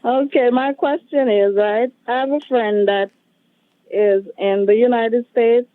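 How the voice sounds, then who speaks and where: A woman with a fairly high voice calls in over a tinny phone line. She asks her question politely and a little hesitantly. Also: steady tone, unhurried. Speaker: caller. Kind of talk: phone call to a radio show.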